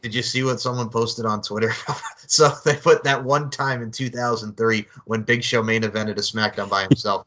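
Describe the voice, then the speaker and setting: A man's voice: medium pitch, steady tone, moderate pace, few pauses, sharp tone. A man co-hosting a casual wrestling podcast, rambling and leaning on "I mean" as he talks. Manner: rambling, heavy use of "I mean". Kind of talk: casual wrestling news chat.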